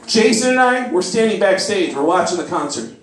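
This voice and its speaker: Excitable high-voiced comedian man. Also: fairly quick. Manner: excitable, profane, acts out voices in his story. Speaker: stand-up comedian. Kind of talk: stand-up storytelling. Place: comedy club. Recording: echoey club, mic heard from a distance.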